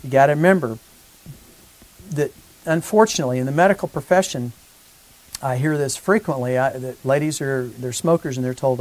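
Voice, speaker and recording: A man, a physician, giving a conversational educational talk to patients and growing animated when he acts out exchanges with colleagues. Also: medium pitch, moderate pace, pauses often, low-quality recording.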